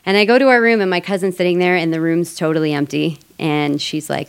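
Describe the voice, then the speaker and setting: A woman's voice: low voice, fast, few pauses, clear, resonant tone. A woman from Colorado telling a personal story on stage, chatty and casual, laughing often. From Colorado, USA. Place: theater stage before a live audience.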